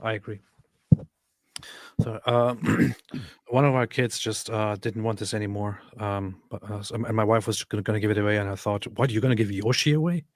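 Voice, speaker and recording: A man's voice: lowish voice, level tone, normal speed, no echo, clean studio sound. Man reading live chat aloud. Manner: reads viewer comments aloud, chuckling asides. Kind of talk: casual live-stream chat.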